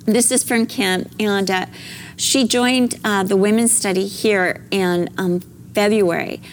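A woman's voice: medium pitch, fairly even intonation, slow pace. A woman co-hosting a Bible study chat, telling stories with lots of hesitant fillers. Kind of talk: casual group chat. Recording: faint background noise.

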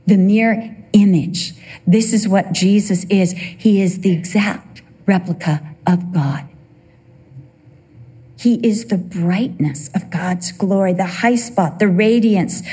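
A woman in her fifties preaching a sermon with an emotional, expressive delivery. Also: medium pitch, breathy edge.

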